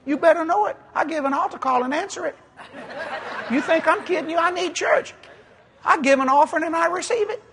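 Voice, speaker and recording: A man's voice: very high-pitched, brisk, slight background noise. A man with a Cajun accent from South Louisiana, preaching a sermon full of jokes and laughter. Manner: animated, joking storyteller who laughs at his own lines. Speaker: guest preacher. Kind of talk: humorous sermon.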